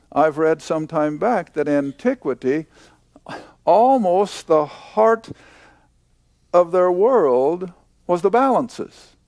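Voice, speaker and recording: An older man teaching a Bible lesson to a class, slow and emphatic, repeating key points. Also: on the high side, vocal fry, a little mellow, no echo.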